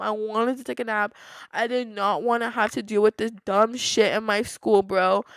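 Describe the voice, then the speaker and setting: A woman's voice: a little high, no echo. A teenage girl hosting her own podcast, venting frankly and peppering her talk with "like". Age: teens. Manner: frank and fired-up, heavy use of filler like. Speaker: podcast host.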